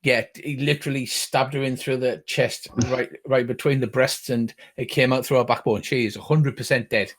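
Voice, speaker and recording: An older man acting as game master, narrating a tabletop game with a relaxed, wry manner and small hesitations. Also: mid-range voice, moderate pace, few pauses.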